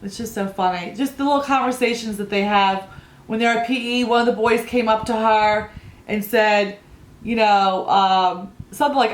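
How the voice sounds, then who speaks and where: A woman's voice: a little high, normal speed, echoey room. A woman in her thirties chatting through a makeup tutorial, rambling and telling family stories as she goes. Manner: rambling, storytelling, laughs at own stories. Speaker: beauty vlogger.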